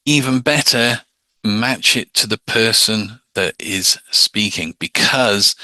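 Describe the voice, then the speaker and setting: A man's voice: fairly low pitch, unhurried, sharp tone, no room sound. A man teaching hypnosis in a casual, plain-spoken lecture, often slipping into mock voices to show a point.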